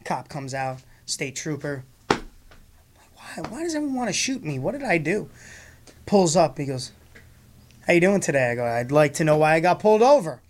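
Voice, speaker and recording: A man's voice: a little high, big pitch swings, normal speed, long pauses, slight background noise. A man telling a funny story in casual conversation, acting out both sides of the exchange and laughing often as he talks.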